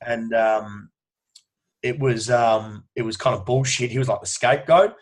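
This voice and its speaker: Emphatic Australian man, story-telling coach. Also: mid-range voice. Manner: emphatic, swears freely, talks fast in long run-on stories. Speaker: strength and conditioning coach, guest. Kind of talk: casual podcast interview.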